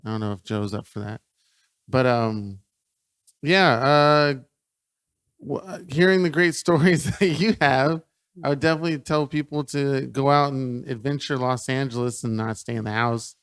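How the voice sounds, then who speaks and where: A man's voice: medium pitch, steady tone, normal speed, fairly bright tone, clean tone, dry recording. A man hosting a podcast, talking in a hesitant, casual way with many fillers. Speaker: podcast host. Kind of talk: casual chat.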